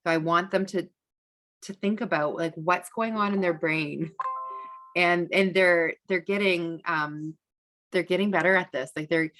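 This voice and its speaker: A woman teaching a parenting masterclass in a relaxed, conversational way, with frequent fillers and restarts. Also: fairly low pitch, normal speed. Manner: acts out gentle validating speech to a child. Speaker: parenting educator.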